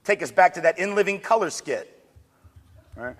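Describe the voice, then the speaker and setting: A man giving an energetic public lecture with joking asides. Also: high-pitched, moderate pace. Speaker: speaker on diversity. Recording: long hall reverb.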